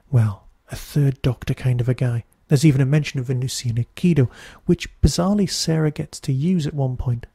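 Chatty Geordie man with a husky voice. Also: medium pitch, dark tone, no echo, studio quality. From Newcastle, England. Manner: chatty, wry, digressive. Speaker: podcast host. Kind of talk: casual review monologue.

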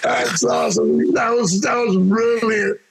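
High, gravelly man with crowd noise behind. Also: steady tone. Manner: enthusiastic, swears, quick reactions. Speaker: interviewer and fellow musician. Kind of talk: casual chat.

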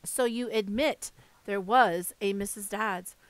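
A woman doing a blunt young boy in a fantasy audiobook, quick and incredulous. The mic is close and dry. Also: medium pitch, clear, resonant tone, no echo, close to an everyday voice. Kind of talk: audiobook character voice.

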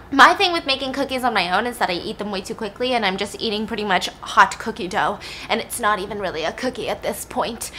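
A woman's voice: fairly high pitch, pushed and bright. A young woman hosting a vlog, telling a true crime story in a chatty, emphatic way with wry asides.

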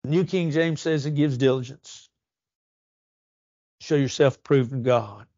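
A man's voice: mid-range voice, warm tone, no room sound. Earnest male preacher, slightly muffled. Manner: earnest, rising emphasis and slow drawn-out stresses. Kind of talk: sermon. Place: church.

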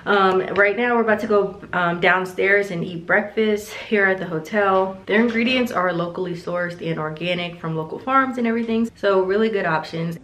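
A woman's voice: mid-range voice, moderate pace, hardly any pauses, fairly bright tone, slight background noise. A woman chatting casually to her camera in a travel vlog, loose and full of fillers. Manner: chatty, filler-heavy, talks straight to camera. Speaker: vlogger. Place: hotel room and ski resort.

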